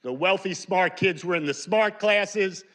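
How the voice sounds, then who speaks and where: A combative man in his sixties from New York speaks his piece at a public hearing. His voice is bright and tense, pitched a bit high for a man, and he sounds emotional throughout. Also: a little slow. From New Rochelle, New York. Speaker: public commenter.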